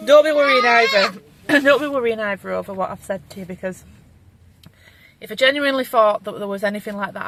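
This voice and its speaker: A woman's voice: mid-range voice, slight background noise. A pregnant woman, talking through her day in a chatty, rambling, frank way to her viewers. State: pregnant, tires easily. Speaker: vlogger. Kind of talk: casual vlog chat to camera.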